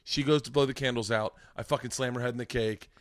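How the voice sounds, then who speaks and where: A man's voice: mid-range voice, steady tone, fast talker, fairly bright tone, no room sound. A man in his forties hosts a casual podcast chat, his voice close and dry on a studio mic. He tells loose personal stories, swearing freely and restarting sentences as he goes. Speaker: podcast host.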